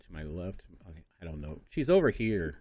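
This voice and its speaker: A man's voice: low voice, very animated, normal speed, warm tone. A man hosting an interview show, rambling with lots of fillers and laughing easily. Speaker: podcast host. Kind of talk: casual interview chat. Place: studio.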